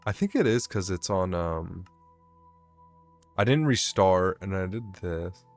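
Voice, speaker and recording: Low-voiced man ranting over gameplay. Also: lively intonation, a little slow, soft background music. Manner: rambling, swearing, venting, self-mocking. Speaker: gaming vlogger. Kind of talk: rambling gameplay commentary.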